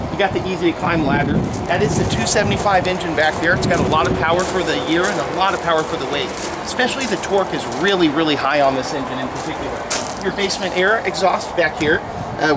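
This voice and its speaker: A man's voice: fairly high pitch, very noisy. A man giving an upbeat, folksy sales walkaround of a motorhome on a sales lot.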